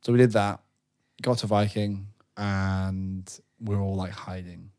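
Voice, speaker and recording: Animated man telling a story. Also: sits low, slow pace, clean tone. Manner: animated storyteller, breaks into laughter and silly voices. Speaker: podcast co-host. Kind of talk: casual chat recounting a larp weekend.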